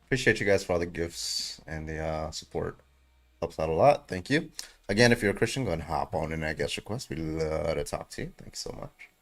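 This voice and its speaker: Low-voiced casual male stream host. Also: animated, brisk. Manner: laid-back, swearing, chuckling. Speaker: livestream debate host. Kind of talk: casual livestream chat.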